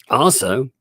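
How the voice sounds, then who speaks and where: A man's voice: fairly low pitch, bright, forceful tone, slightly rough, no room sound, clean studio sound. A man hosting a casual commentary video, laughing often in a mocking, amused way and repeating and restarting words.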